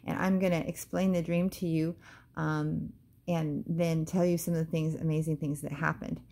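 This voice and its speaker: Christian vlogger, woman, low voice, loose devotional storytelling full of fillers. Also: little pitch movement, normal speed, gravelly, warm tone. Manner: casual, hesitant, with many ums and praise exclamations.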